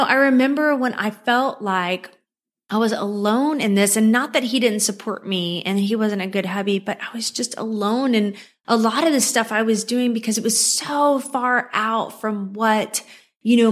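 Woman in her 40s talking straight to her viewers like a friend, mid-pitch voice, laughs a lot, gets all excited and squeaky when stuff gets good. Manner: chatty and heartfelt, laughs often, voice leaps up when excited. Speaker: manifestation and tapping coach. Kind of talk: casual personal storytelling to viewers.

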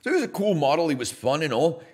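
A man hosting a podcast, giving an animated, casual opinion monologue with swearing and jokey asides. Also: a little high, fast. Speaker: podcast host.

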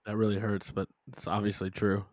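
A man's voice: lowish voice, completely flat delivery, fairly quick, darkish tone, no echo. A man co-hosting a casual podcast, teasing his friends with dry quips. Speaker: podcast co-host. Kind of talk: casual chat.

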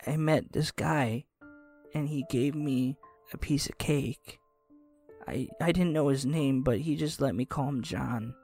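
A man's voice: gravelly, a little mellow, exaggerated voice. A man voicing a frightened, starving, sick young boy who pleads through tears, in a tabletop game with faint music behind. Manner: high, weepy and pleading. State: crying.

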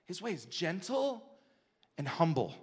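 Male pastor, high voice, preaching in a church hall with a long echo; quiet teaching that builds to fervent exhortation. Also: very animated, a little slow, breathy edge. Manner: swings from quiet intimate teaching to loud passionate exhortation. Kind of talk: sermon. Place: church sanctuary.

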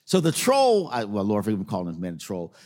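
A man's voice: on the low side, huge pitch swings, quick pace, darkish tone, in a large hall. A man preaching a sermon as a pastor, telling a story in a conversational way and repeating phrases for emphasis.

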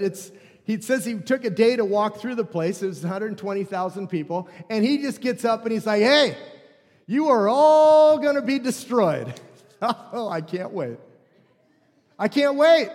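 Man, pastor, sermon, high-pitched, lively delivery, long hall reverb. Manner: animated, acts out biblical figures with rising volume.

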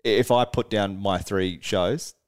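A man, a touring musician and podcast co-host, tells a tour story in casual chat. He is animated, laughs often mid-sentence and swears freely. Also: lowish voice, slow, clear, resonant tone.

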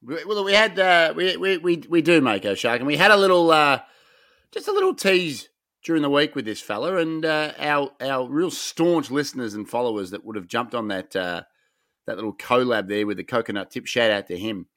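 A man's voice: mid-range voice, big pitch swings, normal speed, a bit bright, no echo. An Australian man co-hosting a podcast with a swaggering, rambling delivery, often stumbling and restarting mid-thought. His voice sits mid-range and sounds dry and close. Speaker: podcast co-host. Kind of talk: casual podcast banter.

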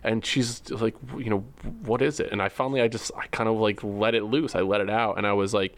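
A man's voice: lowish voice, fairly even intonation, fairly quick, few pauses, dry recording. A man co-hosting a podcast, talking candidly about his feelings with many fillers and restarts. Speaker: podcast co-host. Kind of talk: candid personal conversation.

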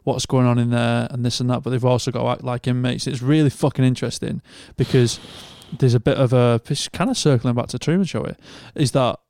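A man's voice: medium pitch, a little fast, gravelly, hardly any pauses, no room sound, clean studio sound. A man with a Northern English accent, a podcast co-host telling a long story in casual, sweary chat and acting out the people in it. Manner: sweary, animated storytelling with quoted voices.

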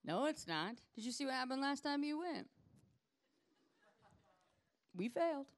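Brief: incredulous young male disciples, as a woman preacher puts them on; high, loud, exclaiming. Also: big pitch swings, a little slow, full character voice. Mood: protesting. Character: excited bewildered male disciples, young men.

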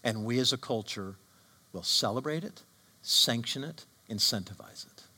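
A man's voice: medium pitch, animated, normal speed, bright, forceful tone, husky. A man preaching a sermon with emphatic delivery and frequent rhetorical questions. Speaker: pastor.

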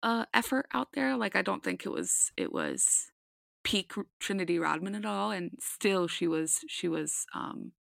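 A woman's voice: medium pitch, sing-song, a little slow, vocal fry, fairly bright tone, dry recording, studio quality. A woman co-hosting a podcast, chatting casually about a game with frequent ums and restarts. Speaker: podcast co-host. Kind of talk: casual sports chat.

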